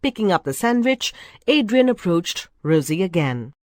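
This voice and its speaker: A woman narrating a storybook in a measured, expressive way. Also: on the low side, no room sound, studio quality. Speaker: reader.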